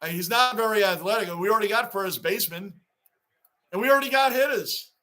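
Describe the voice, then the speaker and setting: A man hosting a live sports reaction stream, rambling excitedly and reading fan chat aloud. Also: sits high, fairly quick. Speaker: livestream host.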